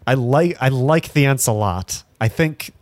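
A man chatting casually about movies, laid-back and quick to laugh. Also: medium pitch, lively intonation, no room sound.

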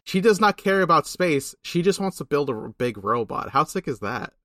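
Bright-voiced young man recapping a game. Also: fairly high pitch, big pitch swings, dry recording, clean studio sound. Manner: rambling, swears casually, quick asides. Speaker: podcast co-host. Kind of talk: casual game recap chat.

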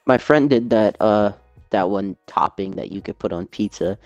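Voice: sits low, normal speed, a little mellow, no echo, highs cut off, faint music behind. A young podcast co-host telling loose stories in a casual chat, laughing often.

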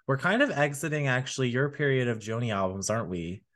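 A podcast co-host talks fast and expressively in a slightly bright, medium-pitched voice. His chat is casual and rambling, heavy on fillers.

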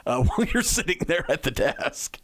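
A man's voice: on the high side, sing-song, moderate pace, fairly bright tone. Casual, chatty male radio host. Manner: casual, rambling, friendly with filler restarts. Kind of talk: interview conversation.

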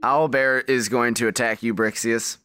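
A man narrating as game master of a tabletop game, in a relaxed and playful way. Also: mid-range voice, moderate pace, clean tone, dry recording, studio quality. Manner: relaxed, playful, hammy creature sounds.

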